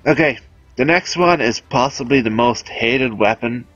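Slow-talking man narrating gameplay, dry. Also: medium pitch, a bit bright, no echo, muffled recording, faint music behind. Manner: chatty, offhand, self-amused. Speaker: game guide host. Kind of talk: casual gameplay commentary.

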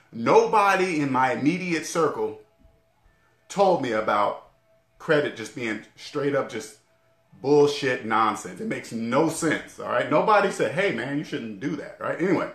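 A man's voice: mid-range voice, fairly bright tone, echoey room. A man in his forties giving an emphatic, profane talk straight to camera on a casual finance vlog, often checking in with "all right?". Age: 40s. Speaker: debt-free finance vlogger. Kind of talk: casual talking-head rant.

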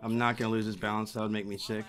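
A man's voice: lowish voice, flat delivery, very fast, a bit bright. A man talking live to his stream viewers, swearing often and repeating his exclamations.

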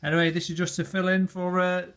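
A man's voice: high-pitched, flat delivery, fast talker, a bit bright, smooth. A man filming a casual home vlog, talking fondly to his new puppies in doting baby talk and chuckling often. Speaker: vlogger. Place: at home indoors.

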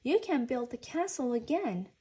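A woman reading a storybook, voicing a patient father who talks calmly and reassuringly. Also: fairly high pitch, moderate pace, breathy edge, voice pushed up, exaggerated voice. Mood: gentle. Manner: calm, reassuring.

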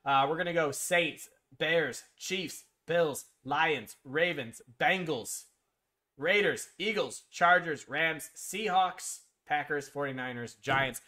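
Taking his time, a man with a higher voice and sharp tone rambles casually on a live stream about sports picks. He responds to viewers by name with blunt, somewhat profane remarks, often saying um and restarting.

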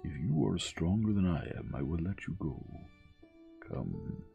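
A man voicing a huge, menacing old bearded monster who speaks slowly in a hushed, threatening tone, in a bedtime storybook reading. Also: deep voice, sing-song, creaky, lo-fi sound, faint music behind, full character voice.

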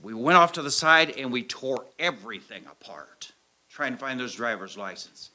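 A man's voice: mid-range voice, normal speed, sharp tone. A man preaching a sermon, telling a story to a church congregation and acting out the scenes as he goes. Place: church sanctuary with audience. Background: audience laughter.

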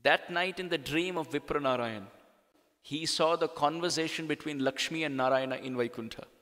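A man's voice: a little high, normal speed, a bit bright. A man giving a sermon, telling a devotional story in a dramatic style with acted quotes. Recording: long hall reverb.

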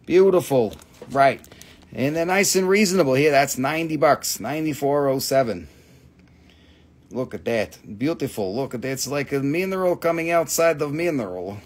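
A man's voice: medium pitch, expressive, normal speed. A middle-aged man with an Appalachian accent hosts a casual live sales stream, talking loosely about his stones, swearing freely and reading out prices and buyer numbers. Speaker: live-stream crystal seller.

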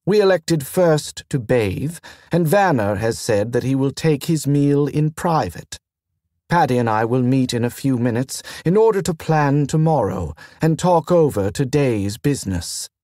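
A man voicing a gentle, formal and tired gentleman in an audiobook, speaking in a measured, precise way. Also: medium pitch, lively intonation, no echo, studio quality, close to an everyday voice. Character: weary, gentle, formal man on a trade tour.

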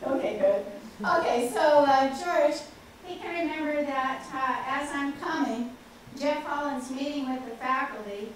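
A woman's voice: sits high, measured pace. An older woman, a professor, telling anecdotes in a chatty lecture full of "okay" and "uh" fillers. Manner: chatty, frequent "okay" and "uh" fillers, laughs at herself. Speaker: professor giving a faculty talk. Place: large lecture hall with audience. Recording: very echoey hall, distant, faint hiss.

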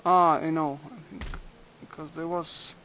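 A young man quietly musing aloud while playing a strategy game, halting and thinking out loud. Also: a little high, steady tone, a little hiss or hum, poor audio. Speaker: video game commentator. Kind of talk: late-night let's play commentary.

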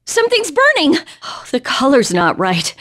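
A woman's voice: sits high, wildly swooping pitch, moderate pace, fairly bright tone, exaggerated voice. A woman voicing a young adult female teacher who works as a maid, flustered and teasing, with sighs. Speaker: voice actress. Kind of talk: game voice clips.

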